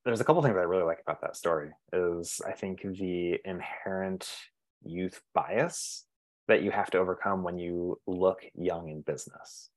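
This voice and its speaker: A man's voice: sits low, moderate pace. A man in his mid-thirties hosting a casual interview, joking about himself. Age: 30s. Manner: self-deprecating, joking. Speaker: podcast host.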